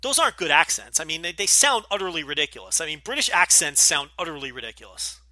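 A man's voice: on the high side, big pitch swings, fast, sharp tone. Blunt, profane man with a Jersey accent. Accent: New Jersey. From Northeastern US, New Jersey. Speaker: podcast host. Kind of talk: casual Q&A podcast.

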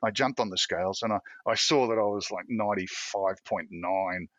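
A man's voice: fairly low pitch, normal speed, a bit bright, no echo. A middle-aged man, a former police officer, telling rambling anecdotes in a casual interview. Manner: rambling anecdotes, frequent restarts and self-laughter.

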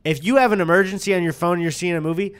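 Talking very fast in a voice that sits high, this young podcast co-host recounts a story during casual chat. He's an animated storyteller who acts out quotes and swears freely.

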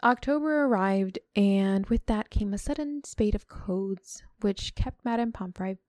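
A woman retells a book on a casual podcast. She mixes read-out passages with quick asides to her co-hosts. Her voice sits mid-range and close to the mic in a dry, deadened space. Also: medium pitch, a little mellow, dry recording. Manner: summarizes and reads aloud, breaks off to chat and laugh.

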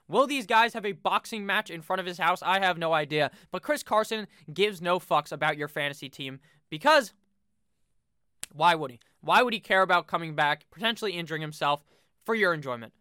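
A young man runs through his fantasy football rankings in a loose, joking way, swearing and drifting into asides. His voice is bright and forceful with a smooth, crisp finish. The recording is dry and close. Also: high-pitched, animated, fairly quick, no room sound. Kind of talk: casual ranking commentary.

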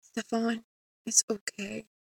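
A woman voicing the calm, tender spirit of a dead grandfather in a storybook tale, speaking softly and sadly. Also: medium pitch, normal speed, no room sound, studio quality, close to an everyday voice. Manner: soft, sad, reassuring.

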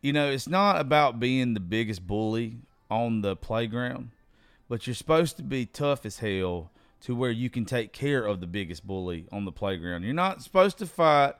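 A man's voice: mid-range voice, animated, normal speed, smooth, dry recording. A man hosting a casual political talk show, rambling loosely with hesitations, then speaking with more fire.

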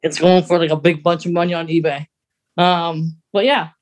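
A young man co-hosting a podcast, chatting casually in a rambling way with quick laughs. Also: fairly high pitch, level tone. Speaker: podcast co-host. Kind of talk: casual chat.

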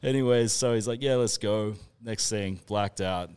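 A man's voice: lowish voice, normal speed, a little mellow, smooth. A man with an Australian accent, telling a rowdy, laughing anecdote as a podcast co-host. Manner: laughing, swearing, rambling anecdote. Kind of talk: casual storytelling among mates.

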